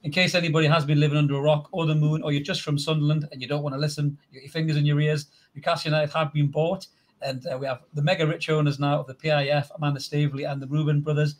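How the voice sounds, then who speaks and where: A man's voice: on the high side, little pitch movement, rapid-fire. A middle-aged man hosting a football podcast over a video call, boisterous and jokey, calling everyone mate. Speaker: podcast host. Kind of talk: excited football podcast chat.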